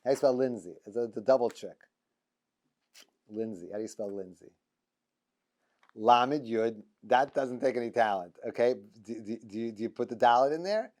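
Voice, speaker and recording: A man's voice: mid-range voice, normal speed, long pauses, darkish tone. A middle-aged man, a rabbi teaching a class, talking in a loose, joking way, full of restarts and stammers. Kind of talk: informal lecture. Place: classroom with students.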